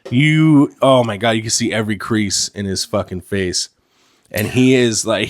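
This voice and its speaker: A man's voice: fairly low pitch, moderate pace, dry recording. A man co-hosting a casual podcast, joking and laughing a lot and swearing freely. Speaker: podcast co-host. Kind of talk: casual chat.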